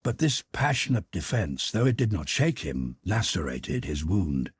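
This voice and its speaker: Deep husky guy reading an audiobook, expressive, super dry close sound. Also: no echo. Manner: expressive, measured storytelling. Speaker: audiobook narrator. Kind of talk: scripted narration.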